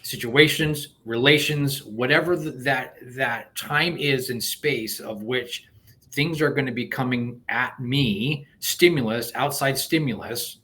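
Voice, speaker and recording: A man being interviewed as a coach, explaining a technique step by step in an animated way, with frequent restarts. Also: medium pitch, unhurried. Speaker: guest coach. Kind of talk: conversational interview.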